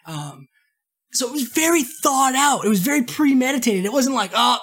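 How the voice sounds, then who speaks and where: A man from Maine, hosting a podcast in a casual monologue, rambling and animated, swearing, and acting out quoted remarks in a raised voice. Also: very high-pitched, moderate pace, slightly rough. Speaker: podcast host.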